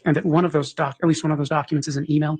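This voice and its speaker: A man's voice: a little high, flat delivery, very fast, darkish tone, husky. Man questioning a witness formally. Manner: formal, procedural. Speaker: prosecutor. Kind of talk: courtroom questioning.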